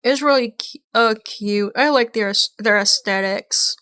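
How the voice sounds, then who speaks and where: A woman's voice: a little high, measured pace, sharp tone, clear, resonant tone, no echo, studio quality. A woman streaming a reaction to a video, chatting casually in a rambling, blunt way and swearing now and then.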